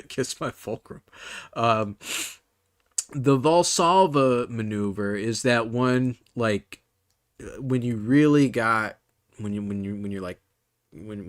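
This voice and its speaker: A man's voice: mid-range voice, smooth, no echo, studio quality. A man hosting a casual comedy podcast, rambling through fillers and restarts and laughing often. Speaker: podcast host.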